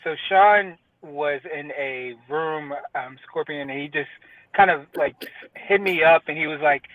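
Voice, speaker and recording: A man's voice: on the high side, moderate pace, no echo. A man in a casual podcast chat, talking enthusiastically and rambling with restarts. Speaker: podcaster, challenge co-organizer. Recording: tinny phone-like line.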